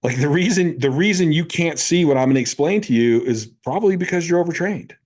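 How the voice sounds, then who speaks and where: Animated storytelling man in his fifties. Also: fairly high pitch, a little fast. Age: 50s. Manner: animated storyteller who acts out both sides of conversations. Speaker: guest, powerlifting coach. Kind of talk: casual podcast conversation.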